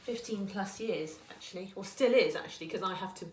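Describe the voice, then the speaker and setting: A woman's voice: medium pitch, fairly quick, a little hiss or hum. Chatty woman in an echoey room. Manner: chatty and earnest, often restarting her sentences. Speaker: small business owner and marketer. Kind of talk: casual talking-to-camera advice.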